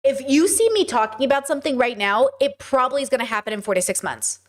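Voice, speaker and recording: A woman from the United States chatting in an animated, rambling way on a podcast, now and then swearing. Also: high-pitched, fast talker. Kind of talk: casual discussion.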